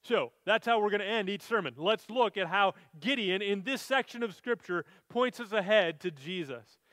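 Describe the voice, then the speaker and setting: Pastor, male, high voice, earnest sermon delivery, dry close sound. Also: lively intonation, moderate pace, a bit bright, no room sound. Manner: earnest, reads scripture aloud then explains it.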